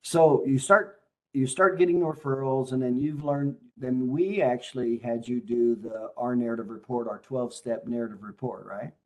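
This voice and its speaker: A man's voice: mid-range voice, moderate pace, darkish tone. A man hosting a casual interview, a chiropractic consultant who asks leading questions in a coaching tone.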